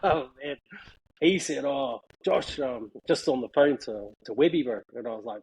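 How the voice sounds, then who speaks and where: A man's voice: medium pitch, moderate pace, darkish tone, rough recording. A man telling a story in casual chat, laughing often and saying "bro" a lot. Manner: laughing, slangy, peppers speech with "bro". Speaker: guest.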